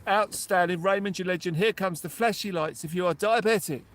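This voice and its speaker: A man hosting a live fishing stream outdoors on the shore at night, giving excitable commentary and thanking his supporters one by one. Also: high voice, fairly quick. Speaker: fishing livestream host.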